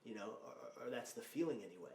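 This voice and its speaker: Male podcast host, rapid and emphatic, roomy recording. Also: medium pitch, expressive, vocal fry. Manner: emphatic, grows loud when telling stories. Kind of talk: podcast conversation. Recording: roomy echo.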